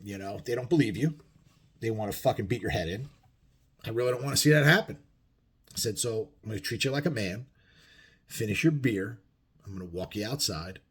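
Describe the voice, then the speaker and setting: Husky profane biker telling a story. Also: male voice, lowish voice, lively intonation, brisk, long pauses. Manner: profane, conversational, acts out quoted lines loudly. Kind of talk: casual storytelling to camera.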